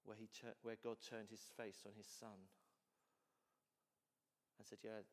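A man's voice: lowish voice, level tone, a little slow. A man pastor giving a conversational sermon to his congregation, often saying "you know" and "so cool". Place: church hall. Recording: long hall reverb.

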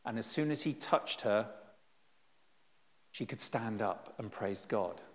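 A middle-aged man giving a conversational, lively sermon with self-deprecating humor, recorded in a church. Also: on the low side, slow pace. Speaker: preacher. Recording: long reverb in a church hall.

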